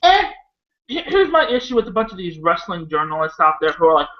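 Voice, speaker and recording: A man from Iowa, USA co-hosts a casual wrestling chat, rambling off topic and swearing freely in an excitable way. His voice sits high and he talks fairly quickly. The highs are cut off in the recording.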